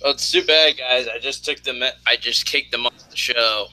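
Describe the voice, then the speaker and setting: A man hosting a loose online talk show, his voice very bright and tense. He rambles through stories with plenty of "uh" and restarts, sounding a little hungover. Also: mid-range voice, moderate pace, no echo, rough recording. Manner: rambling, many fillers. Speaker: host. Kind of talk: casual podcast chat.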